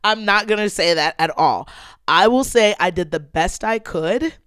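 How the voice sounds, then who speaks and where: A woman's voice: medium pitch, normal speed, fairly bright tone, clear, resonant tone, no echo. A woman podcast host in her thirties telling a personal story to her listeners, emotional and close to tears, talking expressively and calling them y'all. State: tearful. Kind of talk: casual personal vlog talk.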